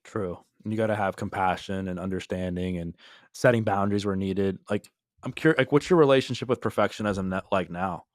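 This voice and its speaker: A man's voice: sits low, a little fast, no echo, studio quality. A man hosting a podcast, talking in an earnest, emphatic, casual interview style. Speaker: podcast host.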